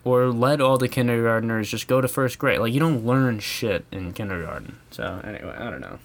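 A man's voice: medium pitch, a little fast, vocal fry. An American man ranting casually in a rambling, profane way, chuckling often. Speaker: vlogger. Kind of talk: casual comedic rant.

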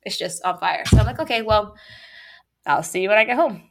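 A young woman telling a story in a casual, chatty way, with quick asides and laughs between lines. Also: medium pitch.

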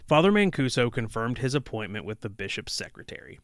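A man's voice: medium pitch, big pitch swings, brisk, no room sound, clean studio sound. A man co-hosting a podcast, reading a horror book aloud with sarcastic, swearing asides. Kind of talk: casual reading with snarky asides.

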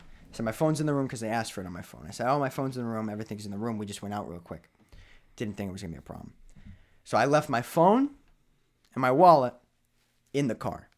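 A young man from Rhode Island, a podcast co-host, telling a story casually with many "like" fillers and acting out what others said. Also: mid-range voice. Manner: animated, acts out other people's lines, many "like" fillers.

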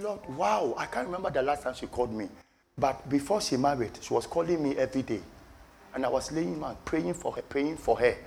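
A man preaching a sermon with passion, repeating phrases for emphasis and swinging from low murmurs to shouted peaks. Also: a little hiss or hum.

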